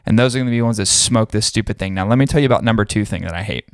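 A man's voice: lowish voice, racing, dry recording, clean studio sound. Angry man ranting, profane. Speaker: podcast co-host. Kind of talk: casual podcast rant.

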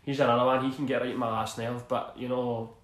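With a mid-range voice and level tone, a Scottish ex-footballer in his thirties talks fast through rambling, casual interview stories. He laughs a lot and keeps saying "do you know what I mean," and the sound is roomy.

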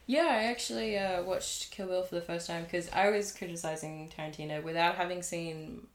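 A woman's voice: on the low side, steady tone, moderate pace. A young woman filmmaker in casual chat, talking freely, laughing easily and trailing off mid-thought. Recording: roomy echo.

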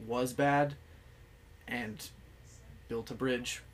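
A man's voice: mid-range voice, steady tone, extremely slow, a little hiss or hum. A man who is a guest on a podcast, talking in a laid-back, hesitant and wry way. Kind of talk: casual chat.

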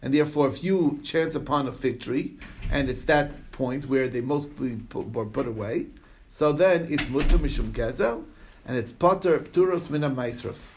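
A man with a medium-pitched voice speaks at a normal speed over a faint hiss or hum. He teaches a Talmud class in a relaxed lecture style, reading passages aloud and explaining them through chatty asides. He tells it like a story and keeps checking in with his listeners, often asking "okay?"

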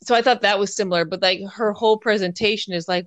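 An animated woman talks casually about a book she has been reading. She acts out the characters' lines as she goes. The sound is dry and close, with no room echo. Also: mid-range voice, a little fast. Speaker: book discussion co-host. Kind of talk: casual chat.

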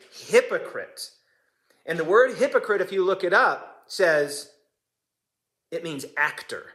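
A man's voice: high voice, bright, forceful tone. A man in his forties preaching a sermon as pastor, impassioned and emphatic, repeating phrases for effect.

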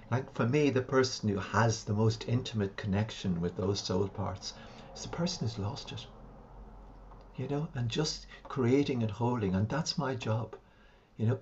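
A man, a homeopath and shamanic practitioner, calmly recounting a client's sessions in an interview. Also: on the low side, dull audio. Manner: calm, reflective, recounts sessions at length. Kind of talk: interview storytelling.

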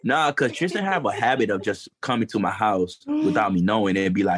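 A man's voice: fairly low pitch, a little fast, a crowd in the background. A young man joking and teasing in a casual chat with friends.

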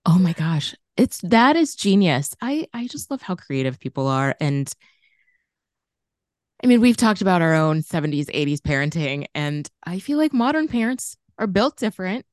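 A woman's voice: fairly low pitch, big pitch swings, moderate pace, dry recording. Middle-aged woman cohost, laid back and reflective, dry close mic sound. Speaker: podcast co-host. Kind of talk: casual chat.

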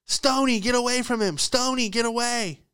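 A man doing a shrill, panicked dog owner woman. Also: moderate pace, sharp tone, clean tone.

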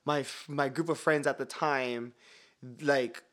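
A man's voice: medium pitch, fairly even intonation, a little slow, a bit bright. A young man with a Hawaiian Pidgin accent, co-hosting a podcast and chatting in a rambling, laughing way. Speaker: podcast co-host. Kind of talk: casual chat.

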